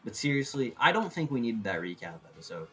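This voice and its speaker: A man giving a casual, opinionated review, rambling and animated, often restarting his sentences. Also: medium pitch, a little fast, faint music behind, low-quality recording. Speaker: anime reviewer.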